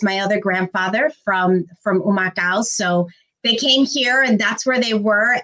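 A woman's voice: medium pitch, low-quality recording. A woman from Indiana telling her life story as an interview guest, reflective and storytelling. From Gary, Indiana, USA. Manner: warm storytelling, animated when quoting. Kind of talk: conversational interview.

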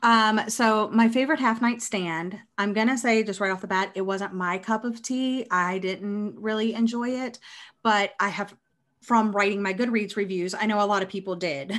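A woman's voice: medium pitch, fairly even intonation, normal speed, a bit bright. A woman co-hosting a casual book chat, rambling with many ums and laughing often. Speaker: podcast co-host. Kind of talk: casual chat about books.

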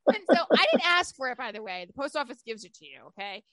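A woman's voice: a little high, big pitch swings, quick pace, a bit bright. A woman in her thirties telling candid personal stories in casual chat, swearing freely.

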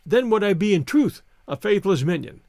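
A man's voice: high-pitched, sing-song, moderate pace, vocal fry, darkish tone, no room sound, studio quality, heavily acted. A man reading the part of a gallant, teasing young naval officer in an audiobook, playful and courtly.

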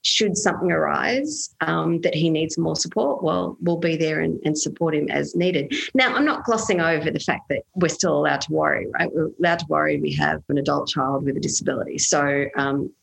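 A woman's voice: deep voice, brisk, gravelly, few pauses, breathy edge, poor audio. A woman, speaking earnestly as an interview guest and telling stories about parenting. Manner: earnest, animated storytelling with laughs. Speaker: guest, autism awareness advocate. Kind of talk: conversational interview.

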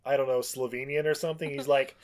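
A man's voice: medium pitch, steady tone, fast, a little mellow. A man co-hosting a casual movie podcast, recapping the plot in a rambling, laughing way. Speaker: podcast co-host. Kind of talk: casual chat.

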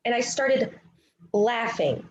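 A woman's voice: a little high, expressive, slow, a little hiss or hum. Emotional woman telling a story, roomy sound. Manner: emotional, storytelling, laughs easily. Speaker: podcast co-host. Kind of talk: casual sports chat.

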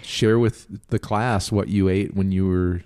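A man's voice: deep voice, unhurried. A man co-hosting a podcast, chatting casually in an easygoing, teasing way. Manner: easygoing, teasing, lively intonation. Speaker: podcast co-host. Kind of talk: casual chat.

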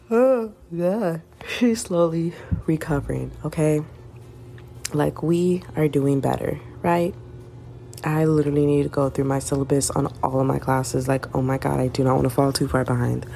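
A woman's voice: low-pitched, vocal fry, dark tone. A young woman in her twenties with a Southern US accent, chatting alone in a candid, rambling way, swearing and laughing as she talks. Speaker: podcaster. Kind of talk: casual solo chat.

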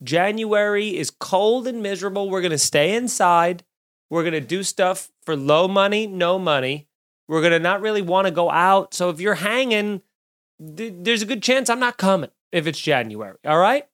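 A man in his thirties hosting a podcast alone, doing a sarcastic comedic monologue with loud bursts and muttered asides. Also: high voice, expressive, normal speed. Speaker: podcast host. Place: home studio, recording alone.

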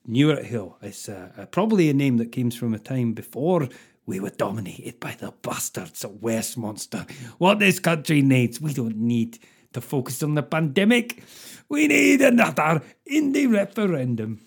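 A man's voice: medium pitch, a little mellow, husky. Sweary middle-aged guy ranting on his podcast, mock outraged, medium voice. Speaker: podcast host. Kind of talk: casual comic monologue.

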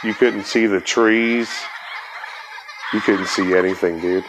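Low-voiced profane storytelling man. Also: steady tone, slow pace, noisy background. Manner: laid-back, profane, laughs through story. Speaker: podcast host. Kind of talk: rambling storytelling.

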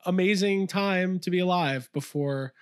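Man, podcast co-host, enthusiastic, rambling, slightly high voice, dry room. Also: a little slow, smooth, no room sound. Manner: enthusiastic, rambling, many fillers. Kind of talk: casual chat. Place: home toy room.

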